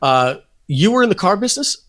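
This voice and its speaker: A man's voice: sits high, sing-song, brisk, fairly bright tone, pitched above the performer's own voice. A man voicing a tall, friendly Australian car salesman with an Australian accent, eager and earnest.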